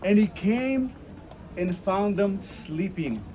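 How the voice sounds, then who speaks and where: A man's voice: high voice, lively intonation, takes it slowly, dark tone, a little hiss or hum, poor audio. A man preaching a sermon outdoors at a holy site, earnest and rising to fervent emphasis. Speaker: pastor.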